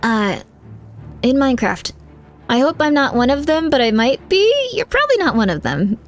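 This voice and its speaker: A woman's voice: high-pitched, sing-song, normal speed, faint music behind. A woman streamer chatting casually with viewers, giving rambling, candid advice full of fillers while reacting to chat.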